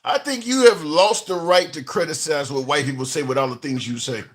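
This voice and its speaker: Teasing, high-voiced male streamer. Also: fairly quick, slight background noise. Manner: teasing, needling, laughs at his guest. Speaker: livestream host. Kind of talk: provocative live stream debate.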